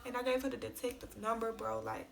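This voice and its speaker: A woman's voice: a little high, little pitch movement, quick pace, gravelly. A young woman vlogger telling an emotional story in a casual, slangy, tearful rush.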